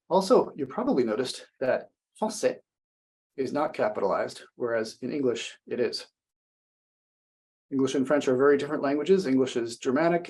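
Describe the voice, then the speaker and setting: A young man teaching a French lesson, explaining words slowly and translating each phrase. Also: medium pitch, darkish tone. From United States. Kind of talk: classroom language lesson.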